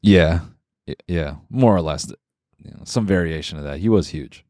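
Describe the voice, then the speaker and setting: A man's voice: deep voice, normal speed, a little mellow, no echo, clean studio sound. A man co-hosting a comedy podcast, chatting in a laid-back, profane way. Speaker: podcast co-host. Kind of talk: casual comedic chat.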